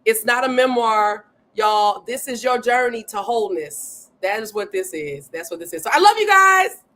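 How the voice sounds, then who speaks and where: High, lively woman chatting on a livestream. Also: moderate pace. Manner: reads viewer comments aloud, gushing and excitable; says "y'all" often, Southern-tinged speech. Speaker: livestream host. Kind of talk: casual livestream chat.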